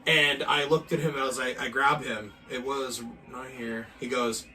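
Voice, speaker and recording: Bright-voiced man telling stories. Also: mid-range voice, moderate pace, far from the mic. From Maine, USA. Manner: animated, profane, acts out quotes. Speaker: guest pro wrestler. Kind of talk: casual storytelling chat.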